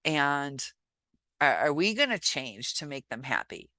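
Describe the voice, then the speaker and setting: A woman with a notably low voice talks through relationship advice in a casual, reflective way. She pauses often and fills the gaps with soft hesitations. The sound is dry and close, with no room echo. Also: sing-song. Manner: reflective, halting, many pauses and filler sounds. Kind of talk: casual advice talk to camera.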